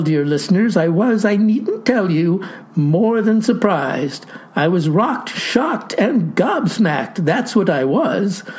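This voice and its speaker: A man's voice: high-pitched, a little mellow. A man telling a comic monologue as a pompous older farmer, in a grandiloquent, mock-formal way. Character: pompous old farmer narrating in florid speech. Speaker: storyteller.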